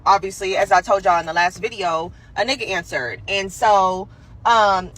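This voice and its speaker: A woman's voice: medium pitch, normal speed, a bit bright, low-quality recording. A woman telling a gossip story in a blunt, profane way, acting out what people said. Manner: blunt, profane, retells dialogue in voices. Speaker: storyteller in a played clip. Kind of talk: casual storytime. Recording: outdoor clip with traffic noise.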